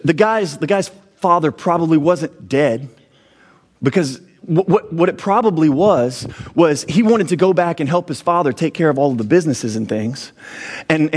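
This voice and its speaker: Male pastor preaching a sermon; high-pitched voice, emphatic, halting restarts. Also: breathy edge.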